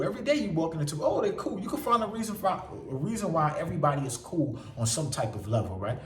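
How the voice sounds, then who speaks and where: Man, blunt motivational vlogger, swears freely, lively swooping delivery, echoey and a little far off. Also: a little high, slight background noise. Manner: blunt, profane, animated, acts out quoted people. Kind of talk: casual motivational monologue. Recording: roomy sound from away from the mic.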